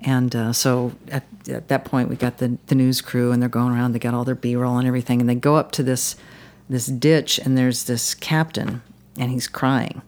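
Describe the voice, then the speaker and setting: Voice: medium pitch, flat delivery, moderate pace, darkish tone. A podcast guest telling a long story in casual conversation, rambling with frequent restarts and fillers. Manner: rambling, many restarts and "you know"s.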